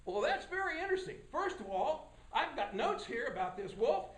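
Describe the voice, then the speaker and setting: A man voicing a stern, pompous judge who speaks in a slow, measured, officious way. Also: very high voice, big pitch swings, background noise. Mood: deliberating. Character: stern, pompous male judge questioning witnesses. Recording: echoey room.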